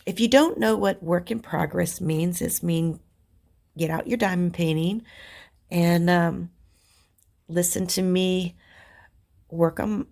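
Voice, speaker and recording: A woman's voice: lowish voice, gravelly, darkish tone. A woman hosting her crafting channel, chatting casually while she works on a canvas. She sounds congested from a cold and talks in a rambling, chatty way. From Virginia.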